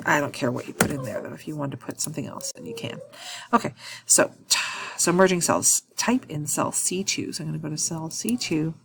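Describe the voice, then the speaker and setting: A woman with a low voice and a gravelly edge talks through a screen-recorded software tutorial. She thinks aloud as she clicks, filling gaps with ums and correcting herself on the fly. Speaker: instructor.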